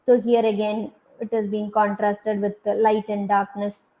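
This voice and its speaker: A woman's voice: medium pitch, level tone, a little slow, dark tone, low-quality recording. A woman with an Indian English accent giving a university design lecture, talking through slide examples with many hesitant fillers.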